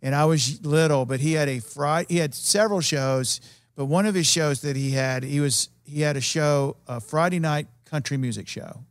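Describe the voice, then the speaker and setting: A man's voice: a little high, moderate pace, dry recording, studio quality. A man, a television producer, telling rambling anecdotes as a guest in a casual interview. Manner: animated, rambling anecdotes with quoted voices.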